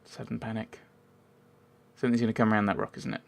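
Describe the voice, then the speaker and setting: A man's voice: on the low side, little pitch movement, fast, gravelly. Rambling man commenting on gameplay. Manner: rambling, self-interrupting, wry asides. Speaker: let's play gamer.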